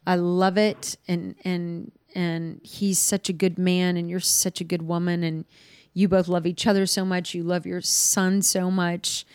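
A woman hosting an interview, asking questions with warm enthusiasm. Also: lowish voice, level tone, measured pace, clean tone, dry recording. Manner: warmly enthusiastic, asks questions. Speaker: podcast host. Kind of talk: casual interview chat.

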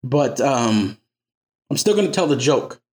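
A man's voice: mid-range voice, lively intonation, a little slow, darkish tone. A man preaching an informal sermon as a pastor, talking loosely and conversationally and working jokes into his teaching.

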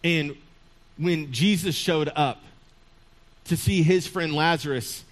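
High-voiced, chatty male preacher. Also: takes it slowly. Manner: humorous storytelling, chuckles often, conversational. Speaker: pastor. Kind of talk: sermon.

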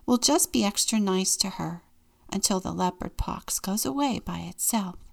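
A woman's voice: medium pitch, expressive, normal speed, gravelly. A woman reading aloud and voicing a worried but fiercely loving mother, earnest and motherly.

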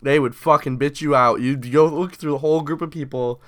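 A young man co-hosting a casual podcast, retelling school memories with lots of swearing and "dude." His voice sits a little high and sounds smooth and clear. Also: a little fast. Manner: animated, swears constantly, says "dude" a lot. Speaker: podcast co-host. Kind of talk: casual storytelling chat.

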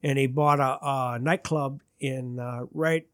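A man's voice: mid-range voice, steady tone, slow, no echo, clean studio sound. A man, a musician guest, telling rambling anecdotes in casual chat and acting out the quotes. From Detroit area. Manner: rambling anecdotes, acts out quotes, laughs at himself.

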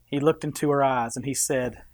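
A man's voice: mid-range voice, steady tone, a little fast, a little mellow, no echo, studio quality. A man preaching a sermon in a conversational, joking manner to his congregation. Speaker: pastor.

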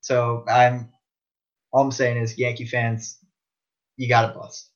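A man's voice: mid-range voice, monotone. Blunt young man on a dull podcast mic. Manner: blunt, quick to disagree, stammering restarts. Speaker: podcast co-host. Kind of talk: casual sports chat. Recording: dull lo-fi audio.

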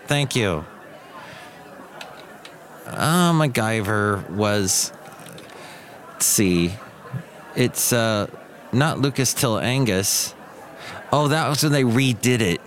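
A man's voice: medium pitch, animated, slow pace, pauses often, fairly bright tone. A middle-aged man hosting a casual solo podcast, rambling and interrupting himself as he tells stories. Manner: rambling, self-interrupting storyteller. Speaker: podcast host and radio DJ.

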